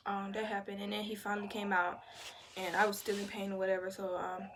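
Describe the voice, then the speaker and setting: Young woman, mid-pitched voice, blunt casual storytelling, faint noise behind. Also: brisk. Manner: candid, profane, animated retelling with quoted voices. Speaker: new mother telling her birth story.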